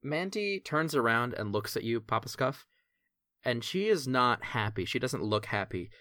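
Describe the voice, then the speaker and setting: A man narrates as game master in a tabletop game in a casual, rambling way. His tone is bright. The recording is dry and close. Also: mid-range voice, big pitch swings, moderate pace, no echo.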